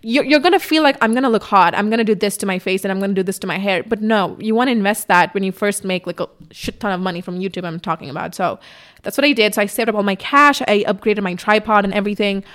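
A woman's voice: medium pitch, fast talker, fairly bright tone. Chatty young woman vlogging candidly. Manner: chatty, candid, swears casually. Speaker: YouTuber. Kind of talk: casual sit-down vlog. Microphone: camera on tripod in front of her.

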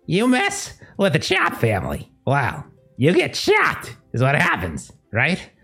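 A cocky, greasy goblin brute brags about chopping up his foes, as a woman puts him on at the gaming table. The voice sits low and swings wildly up and down, with faint music behind. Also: wildly swooping pitch, slow pace, a bit bright, exaggerated voice. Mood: boastful. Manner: swaggering boasts.

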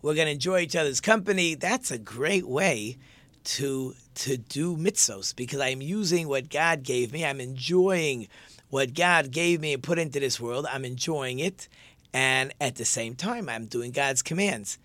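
A man's voice: mid-range voice, unhurried, a bit bright, no room sound. A male teacher giving a conversational religious lesson and posing rhetorical questions to his listeners.

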